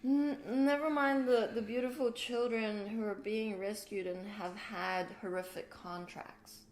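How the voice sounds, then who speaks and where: A middle-aged woman talks slowly on a spiritual livestream, moving between quiet and loud bursts and swearing freely. Her voice sits in an echoey room. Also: mid-range voice, fairly even intonation. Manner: emotional, swearing, swings from soft to loud. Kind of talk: casual spiritual chat.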